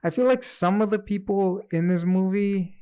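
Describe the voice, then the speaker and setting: A man co-hosting a casual movie review chat, giving his opinions in a relaxed, rambling way. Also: high-pitched, moderate pace, clear, resonant tone.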